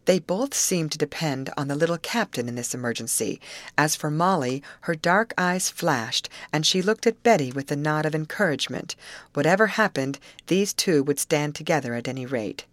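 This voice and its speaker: A woman narrating a classic novel for an audiobook in a clear, even storytelling manner. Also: deep voice, moderate pace, no room sound.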